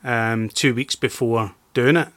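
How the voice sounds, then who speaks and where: A man telling a story as a podcast guest in casual talk, swearing freely and getting animated. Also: medium pitch, measured pace, no echo. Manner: profane, animated anecdote-teller.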